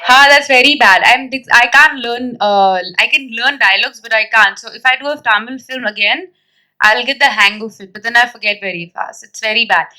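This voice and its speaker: Chatty woman, bright voice, animated interview anecdotes. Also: fairly high pitch, moderate pace, low-quality recording. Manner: chatty, animated storytelling with fillers and laughs. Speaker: actress at a film press event. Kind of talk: casual press interview chat.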